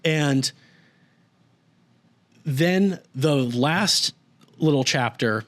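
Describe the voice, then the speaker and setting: A man's voice: fairly high pitch, very slow, fairly bright tone. A man hosting a podcast and recapping a story in casual chat. He rambles, swears freely, says "like" a lot, and briefly acts out the characters when he quotes them. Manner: rambling and profane, with heavy use of "like". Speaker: podcast host.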